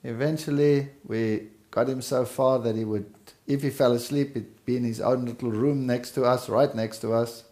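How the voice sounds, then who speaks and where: A man's voice: medium pitch, fairly even intonation, warm tone. A middle-aged man from South Africa, earnestly recounting his family's past in a conversation. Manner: slow, earnest storytelling. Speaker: speaker telling life story. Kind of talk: personal testimony in conversation.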